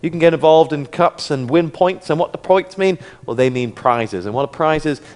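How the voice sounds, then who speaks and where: A man's voice: on the high side, moderate pace, big-room sound. A young man from London casting an esports tournament, jokey and playful, bantering with his co-caster. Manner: playful, jokey, puts on deadpan voices.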